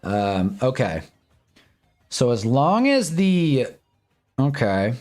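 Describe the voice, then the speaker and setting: A young man hosting a casual live sports watch-along stream, reacting loudly to plays and then mumbling to himself. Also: mid-range voice, very slow, pauses often, soft background music. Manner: excitable, swings from mumbling to shouting at plays.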